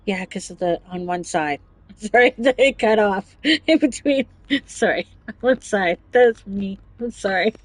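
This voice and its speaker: A woman's voice: mid-range voice, animated, measured pace, dry recording, rough recording. A woman hosting a casual livestream chat, talking chattily, giggling often and reading chat messages aloud. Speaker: livestream host.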